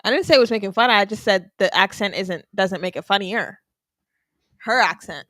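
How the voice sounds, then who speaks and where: Woman, mid-pitched, dry matter-of-fact co-host, teasing, dead close sound. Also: normal speed, fairly bright tone, no echo. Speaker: podcast co-host. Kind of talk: casual chat.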